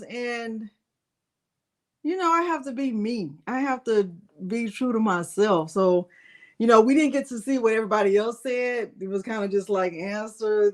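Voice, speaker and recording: Woman in her sixties, livestream host, higher-pitched, chatty and playful. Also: a little mellow. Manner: chatty, greets viewers by name, playful fussing. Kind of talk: live Q&A chat, reading viewer comments.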